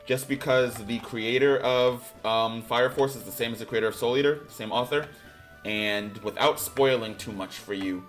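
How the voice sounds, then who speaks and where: A man streaming a game, thinking out loud in a loose, rambling way and now and then bursting into loud excitement. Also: medium pitch. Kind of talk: casual game commentary.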